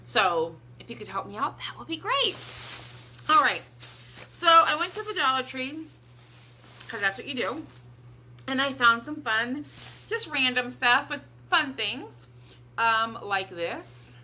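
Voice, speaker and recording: Upbeat midwest lady rambling thru her haul, cough drop in her mouth, kinda high pitched. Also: expressive, unhurried, pauses often, bright, forceful tone, slight background noise. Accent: American Midwest. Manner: chatty, upbeat, rambling with fillers. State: talking around a cough drop. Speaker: vlogger. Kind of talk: casual haul chat.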